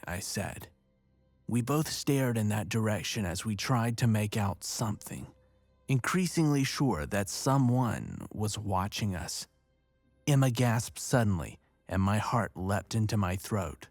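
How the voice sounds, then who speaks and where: A man with a lowish voice tells a first-person horror story in a measured, steady way. The sound is dry and close, with faint music under the narration. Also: dry recording.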